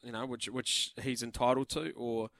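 A man's voice: medium pitch, level tone, normal speed, gravelly, fairly bright tone, no room sound. A man with a New Zealand accent co-hosting breakfast radio, talking things through thoughtfully. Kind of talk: casual radio chat. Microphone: studio mic.

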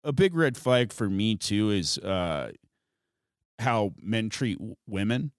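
A man's voice: fairly low pitch, slow, no room sound. Profane man telling a story, dry sound. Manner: profane, animated storytelling with acted quotes. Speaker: podcast guest, comedian. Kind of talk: casual storytelling chat.

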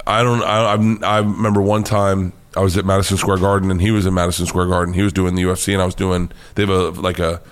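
A male comedian telling anecdotes as a guest, animated and profane, acting out the voices of the people in his stories. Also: low-pitched, fast, few pauses. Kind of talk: casual storytelling interview.

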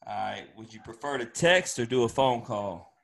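A man's voice: mid-range voice, lively intonation, moderate pace, gravelly, a bit bright. Laid-back male podcast host. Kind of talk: casual podcast game host.

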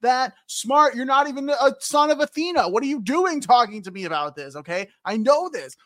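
A man on a casual podcast recap voicing an impatient, dismissive god-king in an offhand, low grumble. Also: expressive, unhurried, a bit bright, no room sound, clean studio sound, full character voice.

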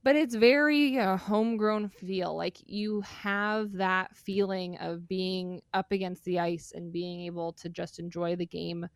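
A woman's voice: fairly low pitch, fairly even intonation, measured pace, hardly any pauses, clean tone, no room sound, clean studio sound. A young adult woman co-hosting a casual podcast, talking in an enthusiastic, rambling way and laughing as she goes. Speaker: podcast co-host. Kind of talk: casual chat.

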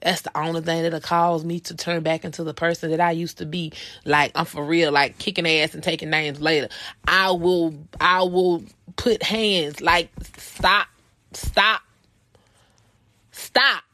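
A woman's voice: low-pitched, steady tone, normal speed, a bit bright, no room sound. A woman in her thirties hosting a personal podcast, telling a story in a blunt, profane, heated way. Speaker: podcast host.

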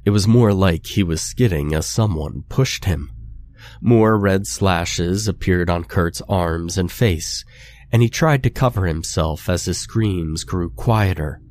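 A man reading a scary story aloud, in a slow and measured horror narration. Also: sits low, a little mellow, dry recording.

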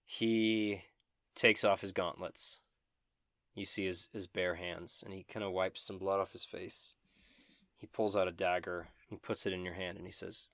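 Low-voiced man running a tabletop game. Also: flat delivery, unhurried, fairly bright tone, dry recording, clean studio sound. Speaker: game master.

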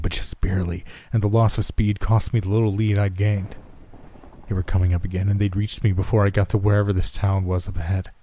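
Man, horror story narrator, very deep voice, dark tone, measured and tense, dry close recording. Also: no echo.

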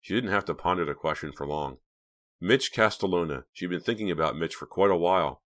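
A man narrating a teen thriller audiobook in an even, measured storytelling manner. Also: sits low.

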